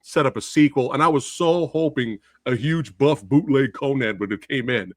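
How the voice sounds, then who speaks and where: A man's voice: medium pitch, moderate pace, no room sound, studio quality. A man hosting a podcast, chatting casually and ranting with exasperation as he tells stories. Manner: exasperated, ranting, lively storyteller. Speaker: podcast host. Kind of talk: animated casual chat.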